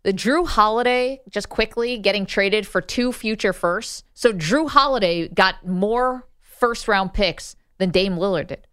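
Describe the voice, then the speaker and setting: A woman co-hosting a sports radio show, upbeat and quick to laugh while taking callers. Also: mid-range voice, fairly bright tone, clean tone, no room sound, studio quality.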